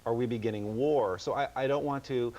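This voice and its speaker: A man's voice: mid-range voice, darkish tone, poor audio. A man guesting on a TV news interview as an author, speaking earnestly with frequent stammered restarts. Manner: earnest, halting, many restarts.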